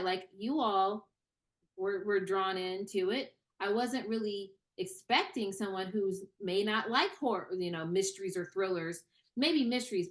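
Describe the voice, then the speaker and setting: A young woman, a screenwriter and actor, talking in a casual interview, animated and full of fillers and restarts. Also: medium pitch. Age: young adult. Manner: animated, many fillers and repeated starts.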